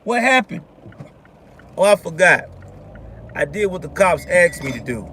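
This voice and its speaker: A man with a notably high voice talks straight at his audience from a car, blunt, profane and animated. Road and engine noise run clearly beneath his voice. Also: unhurried. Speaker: vlog host. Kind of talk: casual ranting commentary.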